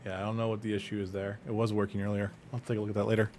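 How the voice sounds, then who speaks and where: Casting: teasing male game streamer, lowish voice, relaxed banter. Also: very fast, slight background noise. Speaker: streamer playing a shooter game. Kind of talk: casual gaming chat.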